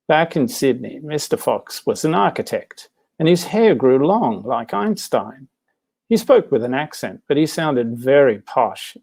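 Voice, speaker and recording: A man reads a literary story aloud at a steady, measured pace. His voice is gravelly and a little husky, sitting in a middle register. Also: medium pitch. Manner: measured, plain storytelling delivery. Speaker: contributor reading prose.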